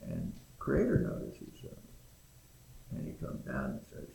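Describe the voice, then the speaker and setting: A man's voice: fairly high pitch, wildly swooping pitch, unhurried, creaky, long pauses, noisy background. A man telling an old animal folktale in a folksy, rambling way, recorded in an echoey room. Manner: folksy, rambling, frequent "you know". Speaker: storyteller.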